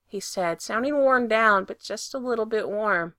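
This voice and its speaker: Woman reading a story out, bright voice, kinda high, super expressive, dry close mic. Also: a little slow, hardly any pauses, dry recording. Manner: lively, expressive reading that swells when excited. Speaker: reader. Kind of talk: storytelling narration.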